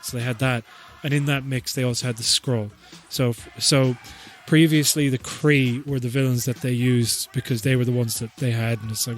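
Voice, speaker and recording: A man's voice: medium pitch, steady tone, normal speed, few pauses, slight background noise. A man hosting a podcast, riffing in a profane, rambling, joking way with frequent laughs. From Ireland. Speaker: podcast host. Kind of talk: comedic rambling chat.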